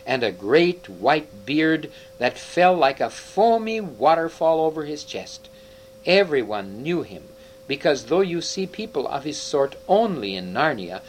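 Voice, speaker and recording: A man reading a children's storybook aloud as narrator, in an expressive read-aloud manner. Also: on the high side, slight background noise, rough recording.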